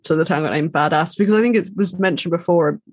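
A woman's voice: lowish voice, fast talker, darkish tone, dry recording. A woman co-hosting a podcast, trading wry, teasing banter in casual chat. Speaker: podcast co-host.

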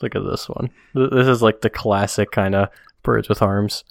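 A man co-hosting a podcast in casual chat, relaxed and chuckling, reading comics aloud. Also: fairly low pitch, normal speed, gravelly, dry recording, studio quality. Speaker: podcast co-host.

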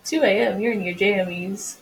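A woman's voice: medium pitch, moderate pace, slight background noise, poor audio. A woman co-hosting a casual book chat, retelling scenes in a chatty way. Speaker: podcast co-host.

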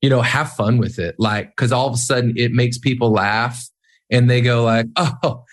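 A man's voice: mid-range voice, steady tone, moderate pace. A man who leads worship, talking casually and self-deprecatingly, with lots of fillers and restarts. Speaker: worship leader. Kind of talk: casual podcast conversation.

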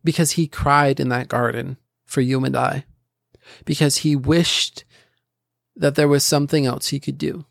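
Earnest man with a gravelly voice. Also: medium pitch, little pitch movement, a little slow, no echo, studio quality. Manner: earnest, rambling, with restarts and asides. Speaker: podcast host. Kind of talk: casual Christian podcast reflection.

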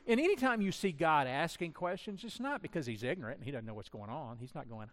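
Male pastor, mid-pitch, chatty self-deprecating sermon delivery, long hall reverb. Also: lively intonation, fast talker, few pauses, fairly bright tone. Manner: conversational, self-deprecating, acts out quoted voices.

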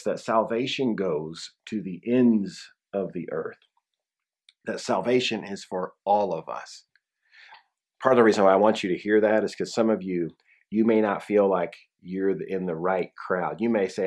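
A man's voice: lowish voice, a little mellow. A man preaching a conversational sermon as pastor, with frequent restarts and emphatic drops in his voice.

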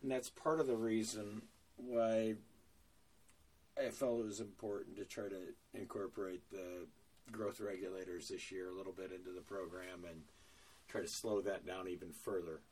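A man talks shop on a podcast in a deep, unhurried voice. He's plain-spoken, with lots of ums and restarts. His voice sits slightly away from the microphone. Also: recorded from a distance. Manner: relaxed, plain-spoken, many fillers. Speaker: lawn care business owner. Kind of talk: casual podcast conversation.

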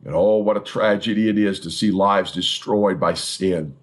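A middle-aged male pastor delivers a fervent sermon, hammering points home through repetition. His voice sits low and carries a husky edge. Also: normal speed. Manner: fervent, emphatic preaching with repeated phrases.

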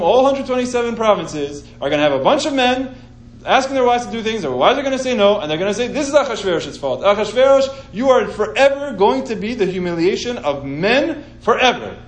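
A man's voice: a little high, animated, fast, hardly any pauses, roomy sound, a little hiss or hum, close to an everyday voice, rough recording. A man voicing a scheming male royal adviser who talks in an urgent, persuasive way. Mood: alarmed, persuasive.

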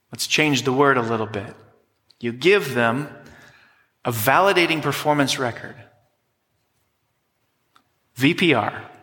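A man's voice: mid-range voice, bright, forceful tone. A man preaching a sermon as pastor, emphatic and teaching, leading the congregation in repeating words. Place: church sanctuary. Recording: long hall reverb.

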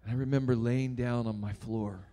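A man preaching a sermon, telling a story dramatically and swinging between loud and hushed. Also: medium pitch, steady tone, normal speed.

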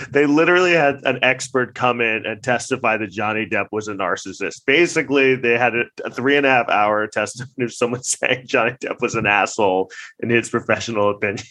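A man's voice: medium pitch, fairly quick, bright, forceful tone. A male vlogger in casual commentary, rambling, swearing freely and breaking into laughter often.

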